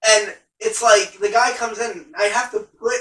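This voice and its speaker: High bright-voiced man telling a story. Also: moderate pace. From New Jersey. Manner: animated, profane, laughing storyteller. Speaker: podcast co-host telling a story. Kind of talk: casual storytelling chat. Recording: roomy sound, mic at a distance.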